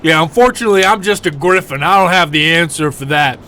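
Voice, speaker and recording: A man's voice: on the high side, fast talker, pushed and bright, slight background noise, voice pushed up. A man voicing a friendly, slangy male griffin mount in a tabletop game. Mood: chummy. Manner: slangy, calls people boss.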